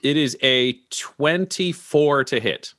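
Bright, dry-voiced man playing a tabletop game. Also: mid-range voice, slow, dry recording. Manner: casual, profane. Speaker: player. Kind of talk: describing his character's actions in a tabletop game.

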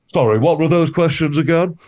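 A man playing a bumbling, earnest small-business entrepreneur in a comedy interview, speaking in halting stops and starts full of ums. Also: fairly high pitch, darkish tone, lightly acted. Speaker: interview guest.

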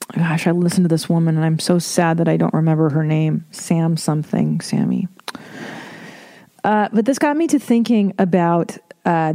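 A woman talking on her own podcast in a low, mellow voice, loose and unscripted. She is candid and wry, swears freely and laughs at her own asides. The sound is close and dry, with no room around it. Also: dry recording. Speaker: podcast host. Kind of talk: casual solo monologue.

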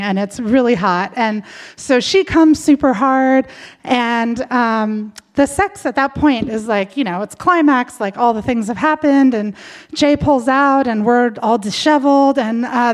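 A woman telling a personal story in a candid, chatty way, full of fillers. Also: a little high.

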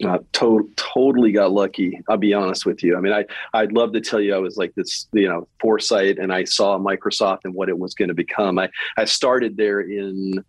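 A middle-aged man with a light Southern Kentucky accent, a company president speaking as a guest in a relaxed interview, often restarting and repeating his words. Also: sits low, normal speed, hardly any pauses, breathy edge, no room sound, poor audio. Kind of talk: casual interview conversation.

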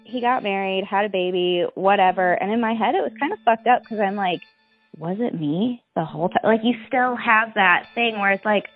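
Talking fairly quickly with hardly any pauses, a young adult woman in a mid-range voice recounts her own story as an interview guest, rambling, restarting and using "like" again and again. Soft music plays behind the narrow, tinny audio.

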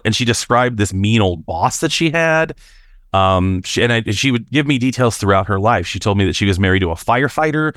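A man from Washington State with a low voice, calling in to tell a story in a loose, chatty way and stumbling over his words as he goes. His voice sounds close and dry. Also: fairly bright tone, dry recording. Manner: chatty, many fillers and restarts. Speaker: caller. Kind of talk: casual storytelling.

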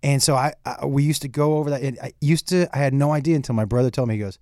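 Animated man telling a story, dry sound. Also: mid-range voice, very fast, dry recording. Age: middle-aged. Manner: animated storyteller, acts out dialogue, profane. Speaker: comedian guest. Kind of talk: casual storytelling chat.

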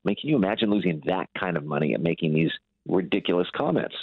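Low-voiced man reporting down a tinny phone line. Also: expressive, gravelly, slightly rough, no room sound. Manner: conversational, halting with fillers and repeats. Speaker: news correspondent. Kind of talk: live news interview over the phone. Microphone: telephone.

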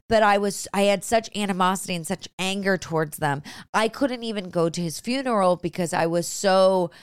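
A woman's voice: on the low side, smooth, no room sound, clean studio sound. A young adult woman hosting an emotional interview, chatty and effusive, tearful at times. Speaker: host.

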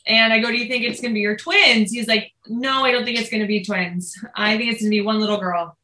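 A woman telling a family story in a relaxed conversation, slipping into the voices of the people in it. Her voice is bright and forceful and sits a little high. The room around her is echoey. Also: fast talker. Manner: animated, quotes herself and others. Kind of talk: casual storytelling chat.

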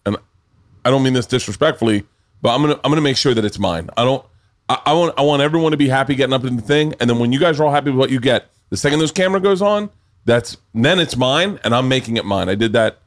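Rambling, swearing male podcast host. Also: mid-range voice. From Southern United States. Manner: rambling, swearing, quick restarts. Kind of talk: casual podcast chat.

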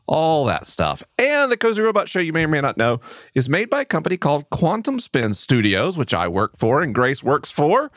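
A playful male co-host with an animated, swooping voice, chatting casually on a live-streamed show. The sound is dry and close. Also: mid-range voice, no echo. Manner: playful, talkative, expressive.

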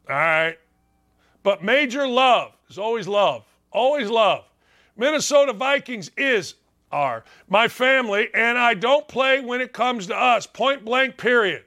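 A middle-aged man running a sports talk show, his voice pitched high and cutting with a sharp, bright edge. He talks in a brash, mocking way and keeps circling back to the same jabs. Opinionated sports talk from start to finish. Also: expressive, a little slow. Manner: brash and mocking, repeats punchlines.

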